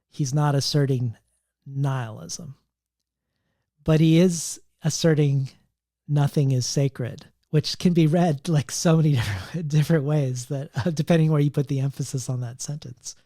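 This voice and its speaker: A man hosting a literary interview, measured and careful as he reads quotations aloud. His voice is mellow and the recording is dry and close. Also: on the high side, no room sound. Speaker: podcast host.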